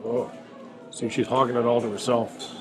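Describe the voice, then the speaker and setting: A man's voice: medium pitch, level tone, moderate pace, music in the background. A man reviewing food in a casual vlog, enthusiastic and tasting as he talks, in a restaurant. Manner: enthusiastic, tasting while talking. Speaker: food vlogger. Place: indoor restaurant. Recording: busy restaurant chatter behind.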